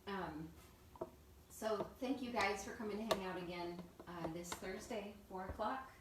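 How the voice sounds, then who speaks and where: A woman's voice: medium pitch, a little slow, heavy background noise. A woman singer-songwriter, from New Jersey and raised in Missouri, chatting informally and telling stories as she hosts a live stream. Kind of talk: casual live-stream chat. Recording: roomy sound, mic at a distance, music behind.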